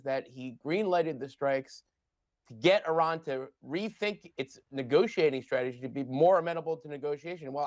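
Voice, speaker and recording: A man's voice: fairly high pitch, no room sound. A man giving blunt, wry political analysis as a guest on a live news panel.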